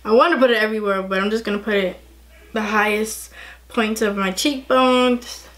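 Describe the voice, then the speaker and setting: A young woman chatting excitedly through a casual makeup tutorial, gushing over the products. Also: medium pitch, moderate pace. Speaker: beauty vlogger.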